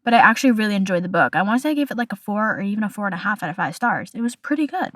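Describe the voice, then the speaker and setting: A woman's voice: medium pitch, lively intonation, racing, a bit bright, dry recording. Young woman podcast host: casual, chatty, playful and opinionated, dry close sound.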